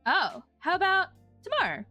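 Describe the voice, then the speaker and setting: A woman's voice: very high voice, huge pitch swings, normal speed, bright, forceful tone, soft background music, pitched above the performer's own voice, exaggerated voice. A woman voicing a light, airy, grateful young woman neighbor in a game. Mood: grateful, bubbly.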